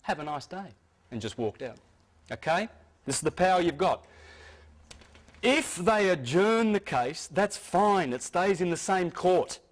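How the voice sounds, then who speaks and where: A man's voice: high-pitched, animated, a little slow. A man giving a lecture to an audience, speaking emphatically and insistently, often restarting his sentences.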